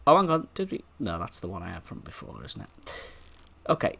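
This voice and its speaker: A man's voice: sits low, wildly swooping pitch, fairly quick, gravelly, fairly bright tone, a little hiss or hum. A man with a Liverpool accent, hosting a casual gameplay video and chatting as he goes, wandering off to talk to animals in the game.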